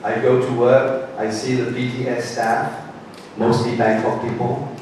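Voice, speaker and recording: Slow-talking male teacher in an echoey room. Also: mid-range voice, level tone, darkish tone, far from the mic, a little hiss or hum. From England. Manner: simple broken English, repeats phrases for learners. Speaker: English teacher. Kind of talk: classroom lecture.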